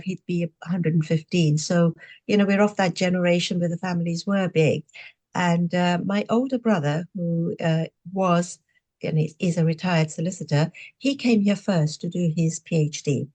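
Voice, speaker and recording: A Zimbabwean woman in her sixties appears as a podcast guest, answering interview questions by telling her life story in a lively, reflective way with frequent fillers. Her voice is lowish and her pace moderate.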